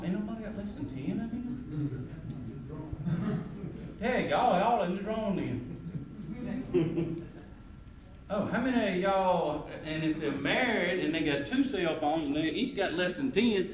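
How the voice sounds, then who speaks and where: A man giving a sales training talk to a live audience, quizzing the crowd and acting out sales pitches. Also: recorded from a distance. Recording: roomy hall echo with faint noise.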